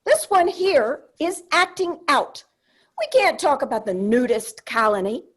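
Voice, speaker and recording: Older woman, solo comic monologist; high, very animated pitch, wry and confiding, punchy asides. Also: measured pace. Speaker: solo theater performer. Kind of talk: comedic solo stage monologue.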